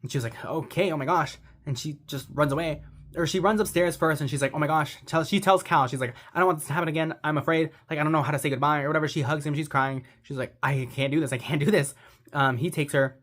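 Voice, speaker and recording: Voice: medium pitch, fast, fairly bright tone. A young adult giving a casual, rambling movie recap, gushing and sentimental, saying "like" constantly. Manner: rambling, heavy use of "like". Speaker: movie reviewer.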